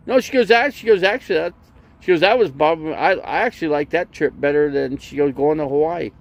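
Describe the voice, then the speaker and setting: Here the RV vlogger's pitch is fairly high, sing-song and gravelly, and he talks briskly. Chatting casually on a livestream, he rambles through a long story full of restarts and "you know," playing both people in a conversation.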